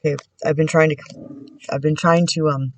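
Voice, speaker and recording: A woman giving a casual spiritual tarot reading at home. She speaks gently and prayerfully, with many pauses and restarts. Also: low-pitched, fairly even intonation, dry recording. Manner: halting and soft-spoken, many pauses and restarts. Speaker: tarot reader and spiritual channeler. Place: indoors at home.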